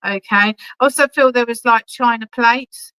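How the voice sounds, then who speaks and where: A woman's voice: a little high, a little slow, bright, forceful tone, clean tone, rough recording. A woman working as a medium, giving chatty, reassuring clairvoyant readings at an online church service and calling people darling. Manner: chatty and reassuring, keeps checking in with "okay?"; affectionate, calls people darling. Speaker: spiritualist medium.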